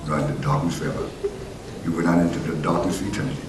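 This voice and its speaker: A man preaching a sermon as pastor, swinging between loud emphatic peaks and quieter conversational asides to the congregation. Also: low voice, flat delivery, very fast. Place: church sanctuary. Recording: roomy church hall from far off, noisy.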